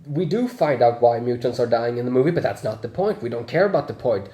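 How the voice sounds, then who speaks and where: Give me a man with a relaxed, mellow voice reviewing a film casually, chuckling as he goes, in a room with some echo. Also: mid-range voice, quick pace, hardly any pauses. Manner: chatty, laughs often, swears freely. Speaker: movie reviewer.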